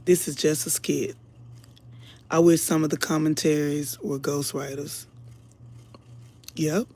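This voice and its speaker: A woman's voice: low voice, steady tone, takes it slowly, a little mellow. Earnest emotional woman commentator. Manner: earnest, preachy, keeps addressing the audience as y'all. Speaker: online commentator. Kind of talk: casual livestream commentary.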